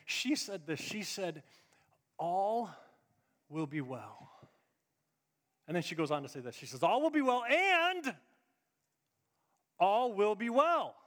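A middle-aged man preaching a sermon as pastor, swinging between loud emphatic lines and hushed, confiding asides. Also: on the high side. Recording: long reverb of a large hall.

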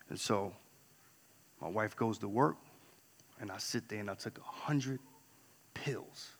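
A man from New York telling a candid personal story on stage, swinging between loud outbursts and hushed asides. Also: mid-range voice. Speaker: speaker. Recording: long hall reverb.

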